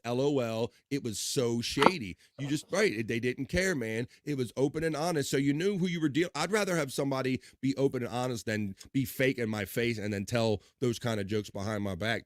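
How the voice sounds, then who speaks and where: A man's voice: mid-range voice, no echo, clean studio sound. A man hosting a livestream, chatting casually, reading out chat and joking with rambling, profane asides. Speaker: livestream host.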